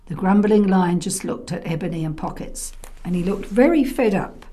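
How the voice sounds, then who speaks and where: A woman storyteller narrating a children's tale, expressive and often dropping to a soft whisper. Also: medium pitch, normal speed. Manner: softly whispered in places, expressive.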